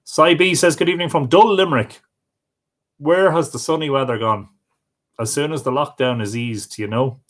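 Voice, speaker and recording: An Irish-accented man hosts a casual livestream chat, reading viewers' comments aloud and greeting each person by name. His voice is fairly high and his pace moderate.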